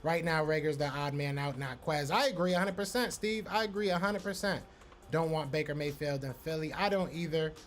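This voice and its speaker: A man's voice: on the high side, fairly even intonation, a little fast. A man hosting a live podcast stream, casually reacting to chat and repeating himself. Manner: loose, repetitive, talks to chat by name.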